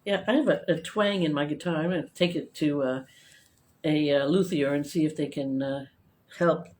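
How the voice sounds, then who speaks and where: A woman's voice: low voice, moderate pace. A woman singer-songwriter chatting casually between songs on a home live stream, rambling with plenty of ums and uhs. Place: home living room. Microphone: guitar plugged in and a live-stream microphone. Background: her own acoustic guitar playing loudly.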